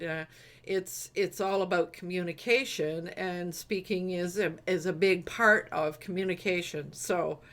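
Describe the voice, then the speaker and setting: Host, woman, slow and halting delivery, casual group video chat. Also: on the low side, fairly bright tone. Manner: slow, hesitant, many fillers and laughs. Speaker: host of an online group meeting.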